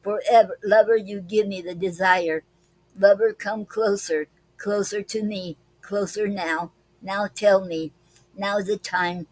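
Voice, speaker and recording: Slow-reading woman poetry host. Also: medium pitch, steady tone, darkish tone, dry recording, poor audio. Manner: slow deliberate reading with many pauses and fillers. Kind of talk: live-stream poetry reading.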